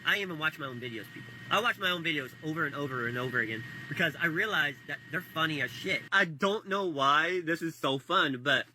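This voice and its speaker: A man's voice: on the high side, bright, forceful tone, rough recording. Give me a young man talking boastfully to camera, with faint background noise. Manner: boastful, rambling and self-amused. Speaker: social video creator. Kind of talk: casual monologue to camera.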